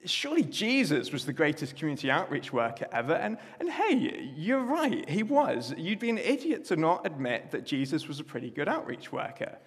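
A man's voice: a little high, wildly swooping pitch, normal speed, hardly any pauses, breathy edge, exaggerated voice. A man voicing a skeptical listener who objects in a mock-formal way, in an echoey church hall. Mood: objecting.

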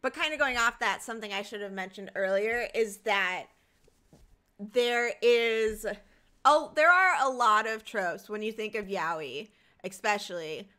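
A woman's voice: mid-range voice, measured pace, sharp tone. A woman co-hosting a podcast, chatting casually and thinking aloud as she talks. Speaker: podcast co-host. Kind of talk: casual chat.

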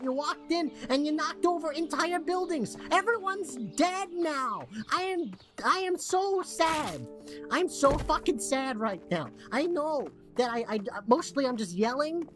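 An actor playing a tiny, overdramatic male town mascot in a video game, with a squeaky, childlike voice and whiny rants. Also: over music. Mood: despairing. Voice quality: squeaky, childlike and sing-song. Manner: whiny rants, swinging to a slow, flat, depressed mutter.

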